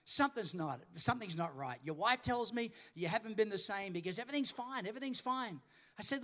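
A middle-aged Australian man preaching a sermon, telling a story with acted dialogue, calling for responses and building to emphatic shouts. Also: sits high, lively intonation, a little fast. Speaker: pastor.

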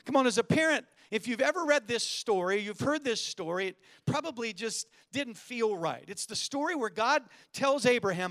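A middle-aged man from California preaching a sermon as a guest pastor, energetic and joking, calling for amens. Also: extremely high pitch, moderate pace, few pauses.

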